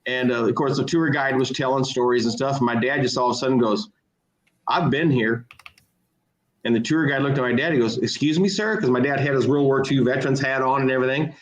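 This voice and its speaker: A man co-hosting a casual online chat, telling a long family story in a relaxed, anecdotal way. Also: mid-range voice, fast talker, hardly any pauses. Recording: echoey room.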